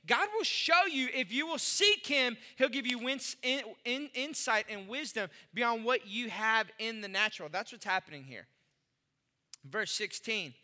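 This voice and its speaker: A pastor delivers a sermon in a very high, piercingly bright voice, addressing his listeners directly. His intonation is lively and his pace a little slow; he punches some phrases and drops others almost to a hush. A long, reverberant hall tail follows everything, with slight background noise.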